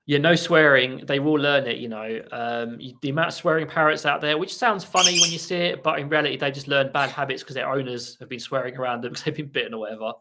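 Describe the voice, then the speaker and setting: A man hosting a casual live stream about parrot training, chatty and rambling as he reads viewer comments and talks softly to his birds at home. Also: mid-range voice, fairly even intonation, fast, hardly any pauses, slight background noise.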